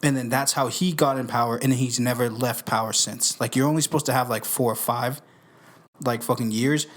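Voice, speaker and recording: A young man hosting a casual podcast into a studio microphone, talking in a profane, slangy, animated way. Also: mid-range voice, a little fast. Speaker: podcast host.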